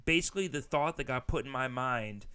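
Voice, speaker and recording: A man's voice: mid-range voice, lively intonation, a little fast, sharp tone, smooth. A young man with a mid-range voice co-hosts a casual podcast. He rambles with earnest, self-deprecating candor. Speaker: podcast co-host. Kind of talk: casual chat.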